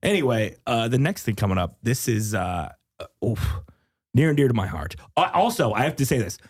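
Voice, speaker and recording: A man's voice: medium pitch, sing-song, brisk. A man hosting a comedy podcast, jokey and profane, who laughs often at his own bits. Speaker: podcast host.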